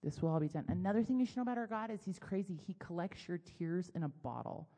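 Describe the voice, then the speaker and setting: Middle-aged woman preacher, low-ish voice, chatty storyteller, big reverberant hall. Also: fast talker. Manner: chatty, self-deprecating, animated storytelling. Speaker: speaker at a church gathering. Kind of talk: conversational sermon.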